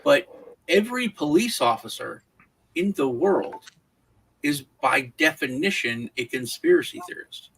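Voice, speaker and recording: An American man co-hosts a casual podcast discussion as an animated storyteller, full of restarts and repeated words. His voice is a little high, a little slow, creaky with a breathy edge, in a low-quality recording.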